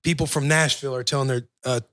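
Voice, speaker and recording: A man's voice: medium pitch, steady tone, quick pace, fairly bright tone, no echo, clean studio sound. A man in his thirties, a guest on a podcast, talking in an easygoing, upbeat way in casual chat.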